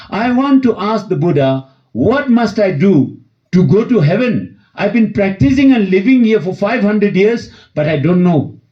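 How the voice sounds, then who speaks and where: A man's voice: fairly high pitch, lightly acted. A man voicing an ancient male ascetic who pleads earnestly for help. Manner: earnest storytelling voice. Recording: dull lo-fi recording.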